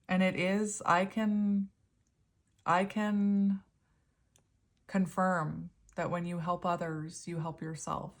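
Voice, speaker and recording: Chatty, emotional woman tarot reader, slightly low. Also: level tone, slow, pauses often. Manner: chatty, laughs often between phrases; openly emotional, voice close to tears at times. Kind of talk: casual spoken tarot reading.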